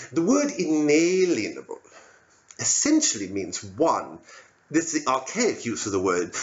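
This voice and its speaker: A man playing a dim, rambling British pub-going bloke with a put-on British accent, repeating and correcting himself in an earnest comic monologue. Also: medium pitch. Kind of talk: satirical stand-up character monologue. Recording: dull lo-fi audio.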